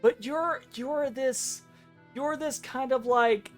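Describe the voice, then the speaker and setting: A man narrating as game master of a tabletop game, rambling and correcting himself with quick laughs. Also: very high voice, faint music behind. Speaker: dungeon master.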